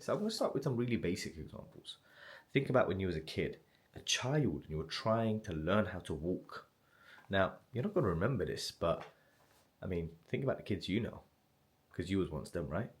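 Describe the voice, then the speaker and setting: A man's voice: deep voice, very animated, fairly quick. A man giving a blunt, casual motivational talk straight to the viewer, swearing freely and often asking "right?". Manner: blunt and swearing, direct address with frequent "right?". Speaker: motivational self-improvement creator.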